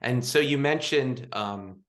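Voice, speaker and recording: A man's voice: mid-range voice, slow pace, a bit bright. A man hosting a podcast interview, asking loose, meandering questions and laughing often. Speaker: podcast host. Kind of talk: casual interview chat.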